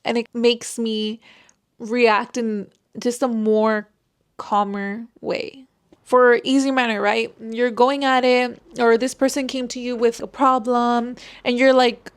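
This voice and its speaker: Woman giving casual relationship advice, gravelly fry, dry close sound, says like a lot. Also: fairly high pitch, steady tone, measured pace, no echo. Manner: chatty, frequent "like" fillers.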